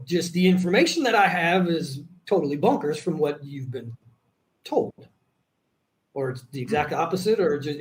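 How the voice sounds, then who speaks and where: High-voiced man rambling with laughter. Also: poor audio. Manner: rambling and profane, laughs often mid-sentence. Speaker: podcast guest. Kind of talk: casual conversation.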